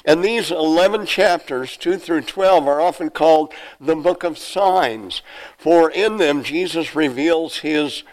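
A man's voice: a little high, measured pace, poor audio. Earnest pastor, a man preaching. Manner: earnest preaching with rhetorical questions to the congregation. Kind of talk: sermon.

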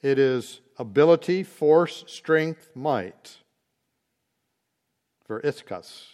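A man teaching a Bible study, explaining word meanings slowly and deliberately, with occasional fillers. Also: medium pitch, expressive, a little mellow.

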